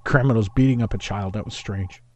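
A man's voice: fairly low pitch, a little fast. A man from East Los Angeles hosting a call-in talk radio show, rambling and jumping between topics.

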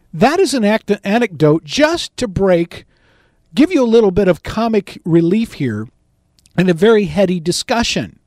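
A middle-aged man preaching, telling a story in an animated way and shouting out the quoted lines. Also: high voice, no echo, clean studio sound. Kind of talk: storytelling sermon.

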